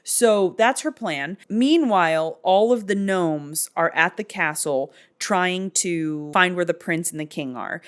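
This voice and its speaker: A woman's voice: mid-range voice, smooth. A woman hosting a comedic movie recap late at night, sleepy, rambling with joking asides. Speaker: video host.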